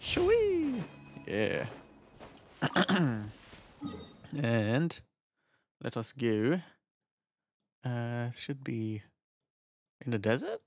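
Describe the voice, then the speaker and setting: A man streaming a game live, chatting casually as he plays, rambling, swearing freely and often clearing his throat. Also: medium pitch, animated, extremely slow, pauses often, no room sound. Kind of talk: casual live gameplay commentary.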